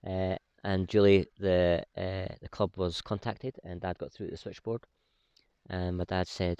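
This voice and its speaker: Brief: low, dry-voiced vlog host, unhurried storyteller full of "uh"s. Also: male voice, smooth, no echo. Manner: relaxed, with many "uh" fillers. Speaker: pipe-smoking vlog host. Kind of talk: casual storytelling. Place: woodland, outdoors.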